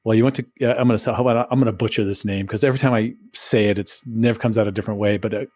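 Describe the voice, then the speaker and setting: A man's voice: on the low side, steady tone, racing, a little mellow, dry recording. A middle-aged man hosting a podcast, asking enthusiastic, friendly questions in casual chat. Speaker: podcast host.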